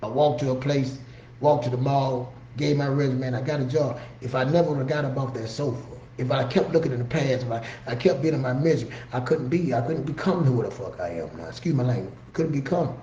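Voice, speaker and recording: A man's voice: mid-range voice, brisk, dark tone, a little hiss or hum. Earnest man telling motivational stories. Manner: earnest, conversational, frequent "you know what I'm saying". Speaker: motivational speaker. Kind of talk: motivational storytelling. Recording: roomy, slightly dull recording with faint ambience.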